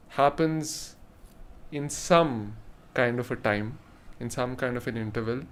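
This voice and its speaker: Male rhythm teacher, mid-range voice, patient explainer who chants syllables, faint noise under the track. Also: medium pitch. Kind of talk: spoken lesson with vocal rhythm demos.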